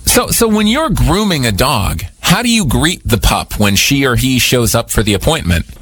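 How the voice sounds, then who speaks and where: Lively, husky-voiced male radio host. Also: medium pitch, normal speed. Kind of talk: casual radio chat.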